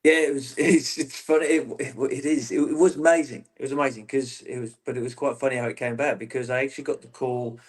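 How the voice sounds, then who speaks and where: A former footballer in an interview, telling long stories in a rambling, self-interrupting way. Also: male voice, medium pitch, steady tone, fast, few pauses. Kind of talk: casual interview chat.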